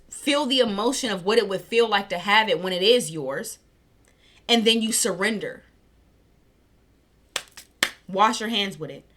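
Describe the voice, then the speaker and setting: A woman giving a casual spiritual reading, chatty and excited, tripping over her words, with a scratchy throat. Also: medium pitch. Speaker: tarot reader. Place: warm room at home.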